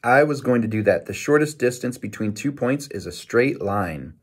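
A man's voice: mid-range voice, lively intonation, normal speed, breathy edge. A man voicing a wry, mumbling know-it-all boy in a storybook reading. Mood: dry.

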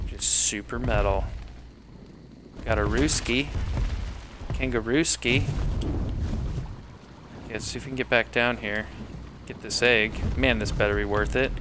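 A man's voice: mid-range voice, background noise. A male streamer talks through his game live, chatting to himself and his viewers. He jumps and yelps when startled, then settles back into easy chatter. Game sounds run under his voice throughout. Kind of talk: live gameplay commentary.

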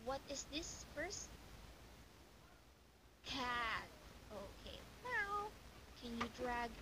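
Young woman teacher doing a kids demo lesson, super slow and bouncy, hissy mic. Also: fairly high pitch, very animated. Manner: slow, exaggerated, sing-song praise. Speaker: online English teacher. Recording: hissy home recording.

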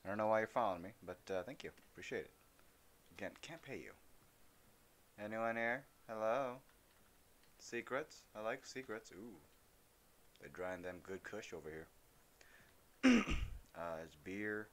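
Low-voiced young man joking through a game. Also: expressive, unhurried, pauses often. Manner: rambling, jokey, talks to game characters. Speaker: gaming streamer. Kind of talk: casual let's-play commentary.

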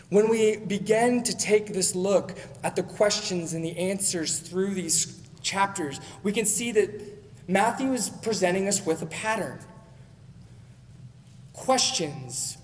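A male pastor giving a sermon in a conversational preaching manner, often checking in with his listeners. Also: sits high. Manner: conversational preaching with frequent "right?" asides. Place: church sanctuary. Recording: long church hall reverb.

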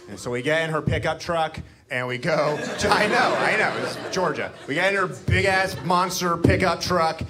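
A man doing stand-up comedy, telling a long personal story on a club stage, his voice jumping loud and high at punchlines. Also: animated, normal speed, hardly any pauses, loud music behind the voice. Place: comedy club stage before a live audience.

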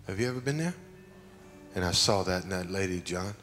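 A middle-aged man, preaching a sermon as pastor with slow, dramatic storytelling and sudden loud peaks. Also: deep voice, expressive, soft background music. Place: large church sanctuary. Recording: long hall reverb.

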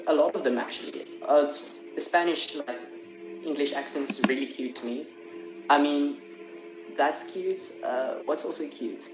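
A man's voice: fairly high pitch, moderate pace. A man with a South African accent in a casual video chat, talking loosely and hesitantly with many fillers. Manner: rambling, hesitant, lots of fillers and laughs. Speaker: chat partner. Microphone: video call. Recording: echoey room with music behind.

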